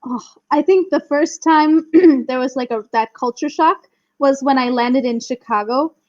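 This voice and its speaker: Young woman guest, high voice, laughs a lot, kinda muffled lo-fi audio. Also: a little slow. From Wisconsin, United States. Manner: animated, laughs often, hesitant restarts. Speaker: podcast guest, Spanish teacher. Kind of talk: casual interview chat. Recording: dull lo-fi sound.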